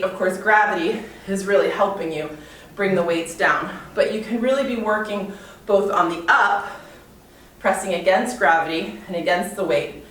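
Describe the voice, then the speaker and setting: Winded from exercising, a female fitness instructor counts reps aloud and calls out moves in a guided workout. Her voice is medium in pitch and a bit bright. The mic sits far off in a very echoey room, and there's a little hiss or hum.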